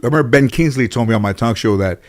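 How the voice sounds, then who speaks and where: A middle-aged man appears as an interview guest, telling casual stories in a rambling way full of "you know". His mid-range voice races along.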